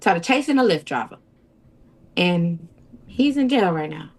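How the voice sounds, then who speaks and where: A woman's voice: on the low side, expressive, unhurried, husky. A young woman, an interview guest recounting a personal ordeal in a tumbling, repetitive way. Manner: tumbling storytelling, quotes others in voices, repeats and restarts. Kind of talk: emotional personal account.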